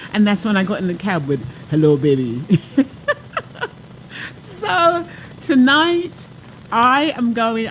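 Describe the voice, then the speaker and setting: A woman, a life coach, hosting her talk show with a lively, chatty monologue full of asides. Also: medium pitch, a little hiss or hum, rough recording.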